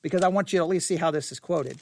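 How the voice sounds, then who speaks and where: A man's voice: a little high, rapid-fire, vocal fry, slight background noise. A man giving a devotional Bible teaching for a podcast, thinking aloud with restarts and stammers while seated at a desk.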